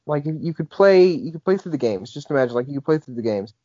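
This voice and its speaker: A man's voice: a little high, expressive, fast, warm tone, no echo. A young man co-hosting a podcast in casual chat, rambling with lots of filler words and restarts. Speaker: podcast co-host. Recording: dull lo-fi podcast audio.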